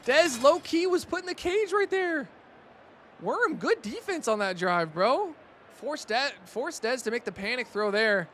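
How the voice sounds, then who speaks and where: A young man giving casual play-by-play commentary on a video game match, excitable on big plays and chatting with his stream viewers. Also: very high voice, unhurried, slight background noise. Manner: excitable, rising loud on big plays, chatty asides to chat.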